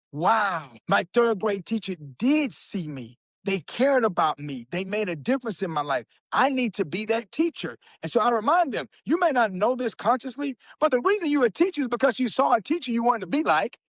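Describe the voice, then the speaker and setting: A man, a guest speaker telling stories in an emphatic, animated way on a podcast. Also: high-pitched, no room sound. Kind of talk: storytelling in a podcast interview.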